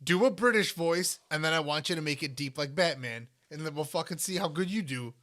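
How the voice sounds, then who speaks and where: Bright-voiced man, rambling podcast chat. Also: on the high side, fairly quick. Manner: rambling, filler-heavy, swears for emphasis. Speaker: podcast co-host. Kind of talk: casual chat.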